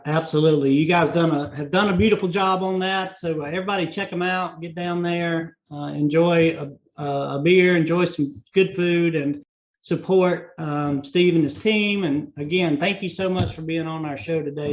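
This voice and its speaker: A man's voice: a little high, steady tone, normal speed, rough recording. A man with a North Carolina Southern accent hosting a podcast interview, talking in a folksy, meandering way with many fillers. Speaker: podcast host. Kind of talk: casual interview chat.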